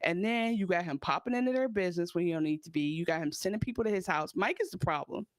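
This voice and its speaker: A woman's voice: lowish voice, quick pace, no echo. A woman co-hosting a casual TV recap podcast, chatting and acting out characters' lines. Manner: animated, acts out characters' lines. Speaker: podcast co-host.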